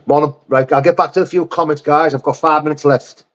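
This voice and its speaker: A man's voice: on the high side, steady tone, a little fast, lo-fi sound. Blunt man chatting. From England. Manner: chatty, blunt, sweary, calls viewers mate and brother. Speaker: livestream host reading chat. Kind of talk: casual live chat.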